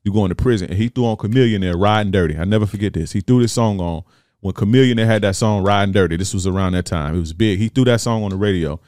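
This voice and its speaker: A man telling a story on his podcast in animated, profane casual style, acting out what people said. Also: fairly low pitch, fast talker, no room sound, studio quality. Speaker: podcast host.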